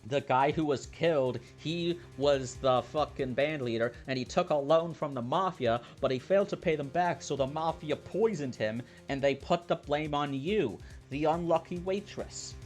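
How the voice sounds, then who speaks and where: A man's voice: fairly high pitch, moderate pace, hardly any pauses. A man casually commenting while playing a video game, joking and reading lines aloud with game music behind him. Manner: joking, voices the game's characters. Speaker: let's play host. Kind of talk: casual let's play commentary.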